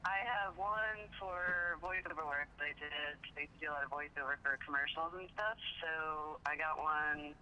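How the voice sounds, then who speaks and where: A woman's voice: sits low, steady tone, moderate pace, hardly any pauses. A woman calling into a podcast as a guest, talking modestly and easygoing about her audio work. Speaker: phone-in guest, audio mixer. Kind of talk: casual chat. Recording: phone line with faint hiss.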